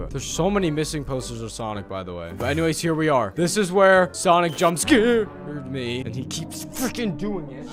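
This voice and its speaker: A young man giving excitable horror game commentary, jumpy and screaming at scares. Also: medium pitch, normal speed. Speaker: gaming video creator. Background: game music.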